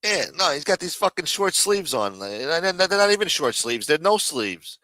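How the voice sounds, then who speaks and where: A man's voice: on the high side, very animated, normal speed, pushed and bright, dry recording, low-quality recording. A man hosting a live stream, ranting and mocking in casual, profanity-heavy talk. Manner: profane, mocking, rambling rant.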